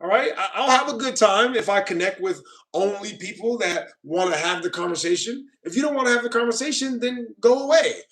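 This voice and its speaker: A man's voice: high-pitched, expressive, fairly quick, a bit bright. A man reading viewer comments on a live stream, arguing with commenters in a defensive, lecturing way and often asking if they know what he means. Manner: repeats "you know what I mean".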